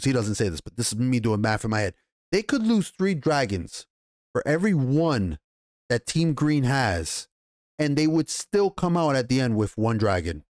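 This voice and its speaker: A man giving a casual, rambling TV episode recap and review, excitable and profane, with many restarts. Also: mid-range voice, moderate pace, dry recording, clean studio sound. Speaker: TV show reviewer.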